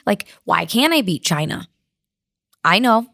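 A woman's voice: mid-range voice, very animated, measured pace, vocal fry, pushed and bright, dry recording, studio quality. A young woman athlete being interviewed, telling her story with many "like" fillers, near tears and laughing through it. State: crying. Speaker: weightlifter guest.

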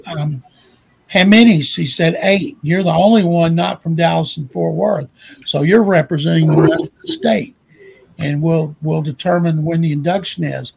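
An older man from Texas with a Texan accent, telling a folksy, animated story in a speech, emotional at times. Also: on the high side, gravelly, husky.

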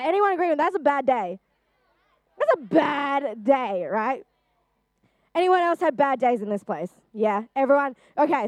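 A woman's voice: high-pitched, a little mellow, dry recording, studio quality. A young woman giving a personal testimony to a group, speaking earnestly and chattily with frequent fillers. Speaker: youth speaker.

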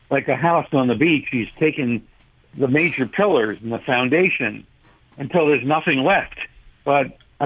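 A man phoning in to a radio show, his husky voice squeezed through a narrow telephone line. He argues forcefully, with sardonic jabs, at a middling pitch. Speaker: caller, policy advocate. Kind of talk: talk radio phone-in. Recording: tinny phone line.

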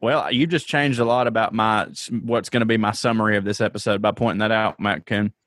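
A man co-hosting a podcast, reacting to a TV episode with quick asides and frequent laughter. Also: lowish voice, fairly even intonation, a bit bright, no room sound, clean studio sound. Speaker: podcast co-host. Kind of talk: casual chat recapping a TV episode.

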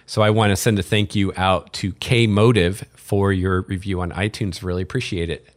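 Low-voiced chatty male podcast host. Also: moderate pace, no room sound. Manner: relaxed, chatty, frequent fillers and light sarcasm. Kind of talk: casual chat.

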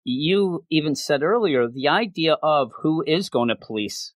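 A man co-hosting a casual comic book podcast, animated and fond of mocking character voices. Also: fairly high pitch, a little slow, no room sound, clean studio sound. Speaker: podcast co-host.

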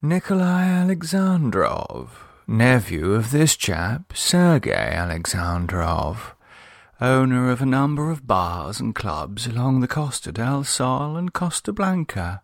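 A man's voice: mid-range voice, very animated, takes it slowly, creaky, no room sound, studio quality, exaggerated voice. A man voicing a refined older English lady who speaks languidly and genteelly. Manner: languid and genteel, calls people dear.

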